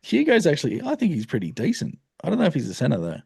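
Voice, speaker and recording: A man's voice: fairly high pitch, huge pitch swings, quick pace, vocal fry, darkish tone, breathy edge, no echo, clean studio sound. A man hosting a casual sports podcast, laid-back and laughing often. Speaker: podcast host.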